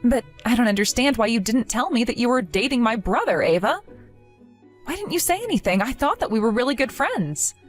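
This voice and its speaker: A woman's voice: on the high side, very animated, fairly quick, faint music behind. An earnest, wounded young woman. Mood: emotional. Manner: bewildered, pleading. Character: earnest trusting young woman, easily hurt. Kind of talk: animated story voice acting.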